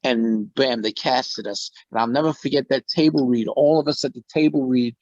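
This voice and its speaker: A middle-aged man, a musician and actor, telling stories as a guest in a casual interview, animated and often laughing. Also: medium pitch, normal speed, no echo, muffled recording.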